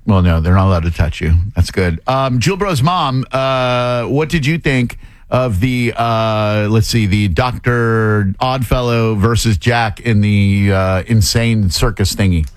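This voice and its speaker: A man's voice: on the low side, a little slow, dry recording. A man hosting casual interviews at a theme park into a handheld mic, joking and rambling with many fillers. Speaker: host.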